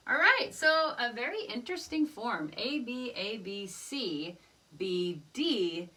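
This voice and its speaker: A woman with a slightly high, expressive voice leads a slow-paced rhythm lesson, alternating sung phrases with spoken rhythm syllables. Loud background noise surrounds the distant mic recording.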